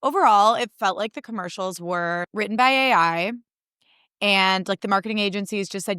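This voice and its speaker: A young woman hosting a casual solo podcast, ranting in an animated, sarcastic and profane way. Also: mid-range voice, moderate pace, clear, resonant tone, no echo, studio quality. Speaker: podcast host.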